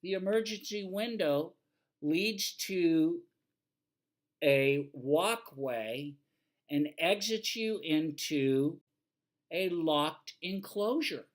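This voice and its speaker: A man's voice: on the high side, animated, drawn-out words. Older male fire safety instructor, plainspoken lecture, teasing, firm warnings. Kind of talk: lecture over slides.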